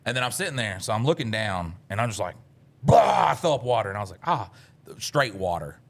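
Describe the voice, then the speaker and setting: A man, co-hosting a podcast, telling a story in casual chat, swearing a lot and jumping into loud voices when he quotes himself. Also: fairly low pitch, lively intonation, quick pace. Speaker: podcast co-host.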